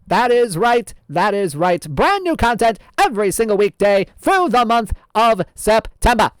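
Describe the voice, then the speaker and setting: A man's voice: high-pitched, very animated, smooth, no echo. A man hosting as a show host in a put-on old-timey radio announcer voice, theatrical and drawn out. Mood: folksy. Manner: theatrical, drawn-out, laughs at himself. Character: 1920s radio host, hammy and folksy.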